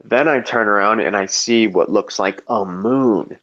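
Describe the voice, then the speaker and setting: A man's voice: fairly low pitch, unhurried, fairly bright tone, dull audio. A man telling a long story in casual chat, rambling and profane, full of "like" and restarts. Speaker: storyteller in a live debate chat.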